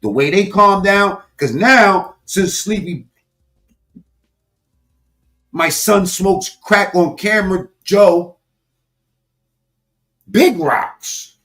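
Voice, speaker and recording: A man giving a profane, animated political commentary rant, talking straight to his viewers with sudden loud swings. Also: high-pitched, extremely slow, pauses often. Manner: animated, loud swings, heavy swearing, talks to viewers directly.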